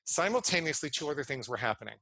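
A man in his fifties, a podcast guest, earnestly telling a personal story and explaining ideas, slowing down to stress key words. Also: fairly high pitch, animated, gravelly, sharp tone, no room sound, poor audio.

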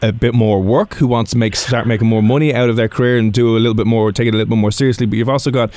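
A man's voice: mid-range voice, fairly even intonation, racing, a little mellow, no room sound. A man hosting a radio show, joking and self-deprecating, laughing often. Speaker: radio host. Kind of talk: radio interview banter.

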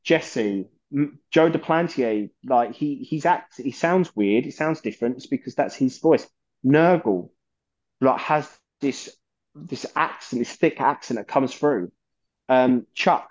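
A man's voice: mid-range voice, animated, unhurried, a little mellow, muffled recording. A man, a guest on a metal podcast, talking passionately and rambling, with plenty of swearing. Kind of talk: casual chat.

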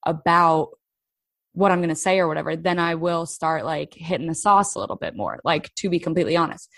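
A woman's voice: sits low, quick pace, vocal fry, a bit bright, dry recording. Candid woman in a dry, close sound. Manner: candid, easygoing, laughs often. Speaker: podcast co-host. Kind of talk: casual chat.

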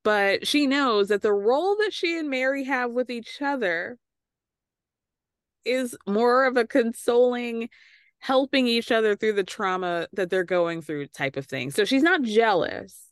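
A woman's voice: fairly high pitch, lively intonation, measured pace, no room sound, studio quality. A woman hosting a podcast, recapping a reality show in a casual, snarky way that is full of swearing and laughter. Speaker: podcast host.

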